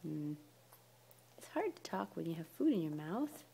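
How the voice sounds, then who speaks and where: A woman's voice: on the low side, big pitch swings, moderate pace, creaky, warm tone, a little hiss or hum. Sing-song young mother in baby talk. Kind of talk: talking to a baby.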